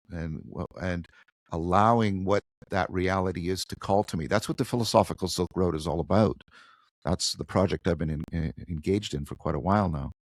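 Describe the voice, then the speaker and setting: A man with a low voice talks through big ideas in a podcast interview, pushing his emphasis up and pausing to restart his phrases. The sound is dry and close, with no room around it. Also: dry recording. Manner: thoughtful, animated, frequent restarts and self-corrections. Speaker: guest philosopher.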